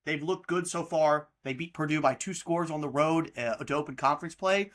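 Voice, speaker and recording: A man's voice: fairly high pitch, normal speed, fairly bright tone. A young American man in his twenties hosting a casual podcast, ranting heatedly about college football and mocking teams with plenty of swearing. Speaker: podcast host. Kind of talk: casual sports rant.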